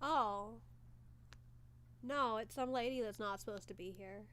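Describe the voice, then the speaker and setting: A woman streamer giving chatty, excitable live commentary over a film, swearing when she gets worked up. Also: a little high, unhurried.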